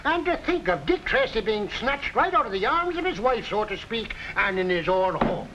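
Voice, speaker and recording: A heartfelt loyal cop sidekick. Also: male voice, sits high, big pitch swings, moderate pace, bright, forceful tone, muffled recording, slight background noise, exaggerated voice. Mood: dismayed. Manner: emotional, heartfelt. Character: sentimental loyal police sidekick, adult man.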